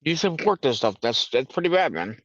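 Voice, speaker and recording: A man's voice: medium pitch, sing-song, a little fast, fairly bright tone, dry recording. A man hosting a live stream who rants angrily about the country and greets callers, repeating himself and swearing. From United States. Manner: irritated, repetitive, swearing. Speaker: livestream host. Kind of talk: angry political rant and call-in chat. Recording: dull lo-fi stream audio.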